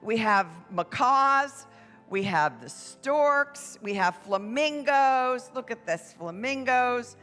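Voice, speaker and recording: Brief: bright, unhurried family-parade emcee, playful drawn-out calls, reverberant church hall with music under. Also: medium pitch, expressive. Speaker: parade announcer. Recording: echoey hall with music behind.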